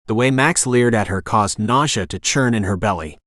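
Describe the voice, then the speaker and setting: A man's voice: lowish voice, lively intonation, moderate pace, hardly any pauses, fairly bright tone, no echo. Man reading an audiobook, dry close sound. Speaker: audiobook narrator. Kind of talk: scripted narration.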